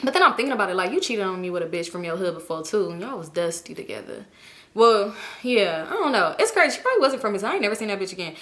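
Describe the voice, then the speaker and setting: A young woman casually telling a personal story to her viewers, animated, swearing freely and acting out what other people said. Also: medium pitch, fast. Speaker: storytime vlogger.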